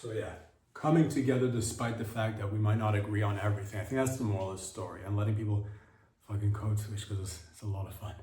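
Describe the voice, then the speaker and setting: A man's voice: lowish voice, steady tone, fast talker, warm tone, far from the mic. Man, comedy podcast host, rambling irreverent monologue, echoey room. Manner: rambling, irreverent rhetorical riffs.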